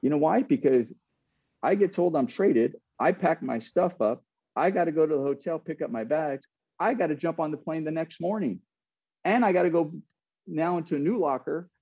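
A man's voice: fairly high pitch, moderate pace, dark tone, breathy edge, no room sound, highs cut off. An earnest man in middle age, a former pro ball player telling a candid story, often repeating and restarting his phrases.

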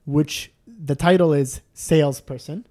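A man's voice: on the high side, fairly even intonation, a little slow, mellow. A man in casual chat telling a long travel story, rambling with restarts and self-deprecating jokes.

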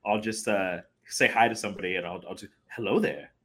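Lower-voiced man, bright tone, easygoing podcast co-host. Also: steady tone, fast. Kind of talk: casual chat.

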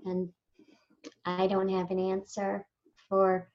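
Animated woman voice actor, dull-sounding line. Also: medium pitch, slow pace. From Southern California. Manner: animated, slips into lively mimicry of others. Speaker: voice actor guest. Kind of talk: casual interview chat.

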